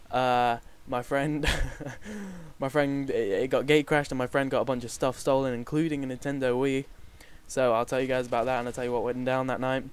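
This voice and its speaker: A young man talking straight to his viewers in a loose, chatty vlog. His voice is smooth and resonant, at an ordinary middle pitch. He rambles, restarts his sentences and swears freely. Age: young adult. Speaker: vlogger. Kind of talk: casual storytelling to camera.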